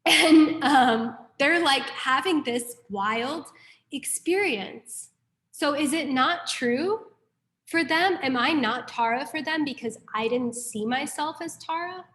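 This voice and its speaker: A woman's voice: high-pitched, takes it slowly. A young woman from New York City teaching a Buddhist class in a casual, chatty way, telling stories and peppering her talk with "like". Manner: chatty, frequent "like", animated storytelling.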